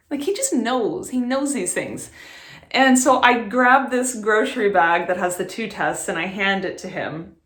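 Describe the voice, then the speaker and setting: A chatty woman in her thirties talks straight to camera, rattling through a personal story with frequent laughs. Her voice sits in a middle pitch and bounces off the walls of an echoey room. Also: animated, moderate pace, fairly bright tone. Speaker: vlogger. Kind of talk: casual chat to camera.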